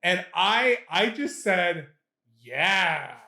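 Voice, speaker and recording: A man's voice: on the high side, moderate pace, fairly bright tone. A young man co-hosting a podcast, telling a story in casual chat, laughing at himself and swearing freely. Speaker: podcast co-host. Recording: echoey room.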